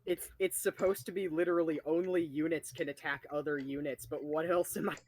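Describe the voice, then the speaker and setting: A man's voice: on the high side, steady tone, fairly quick, darkish tone. A man running a tabletop game as dungeon master, chatty and amused, laughing as he narrates. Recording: casual online voice chat.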